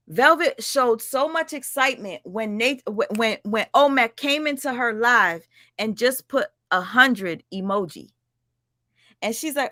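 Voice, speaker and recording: Woman commentator, sarcastic and blunt, bright crisp tone, dry close mic. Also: on the high side, animated, a little slow, dry recording. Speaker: drama commentary narrator. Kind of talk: casual commentary voice-over.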